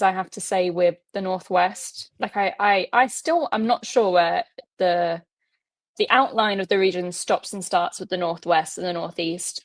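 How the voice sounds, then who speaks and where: A woman guest on a podcast interview, talking in a friendly, casual way, laughing easily with hesitant fillers. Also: medium pitch.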